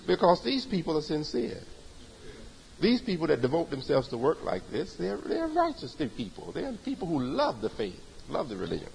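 A man's voice: on the high side, huge pitch swings, normal speed, vocal fry, darkish tone, big-room sound, poor audio. A man giving a sermon-style religious lecture, emphatic and repetitive in his preaching cadence. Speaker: religious teacher.

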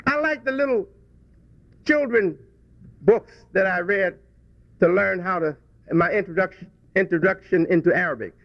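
This religious speaker has a high, gravelly voice, moves at a moderate pace, and pauses often. His reflective talk to the congregation is a folksy childhood story with many restarts, recorded dull, dry, lo-fi, and echo-free.

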